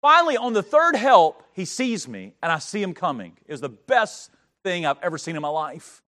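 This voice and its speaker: A middle-aged preacher man tells his story from the pulpit. His voice sits high for a man, and it rises to shouts before sinking to near hushes. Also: very animated, normal speed. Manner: dramatic swings from shouting to hushed. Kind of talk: sermon storytelling.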